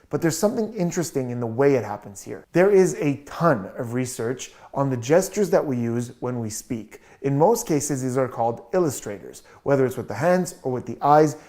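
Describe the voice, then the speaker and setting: A body language analyst giving a measured, explanatory video commentary as the regular host. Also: mid-range voice, mellow. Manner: explanatory, measured, repeats "just a little bit".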